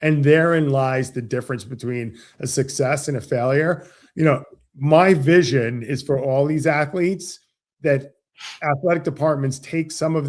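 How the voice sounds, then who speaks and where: A man, a financial advisor guest on an interview show, explaining with animated stories and acted-out dialogue. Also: mid-range voice. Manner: animated, acts out quoted dialogue. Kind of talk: casual interview storytelling.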